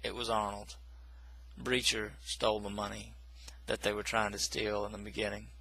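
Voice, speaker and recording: A man's voice: fairly low pitch, monotone, normal speed, sharp tone, rough recording. A man casually recapping a film plot in a rambling, self-correcting way, with dismissive asides. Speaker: movie reviewer.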